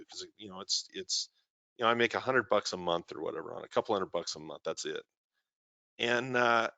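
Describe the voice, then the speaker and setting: A man's voice: fairly low pitch, bright, forceful tone, no room sound, highs cut off. A man hosting a live trading show, reading out viewer comments and telling stories in a chatty way. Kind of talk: live-streamed trading talk.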